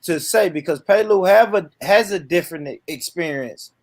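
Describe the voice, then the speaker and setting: A man's voice: high-pitched, normal speed, darkish tone. A man from Tennessee hosting a casual panel chat, easygoing, laughing often and steering the talk. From Tennessee, United States. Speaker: podcast host.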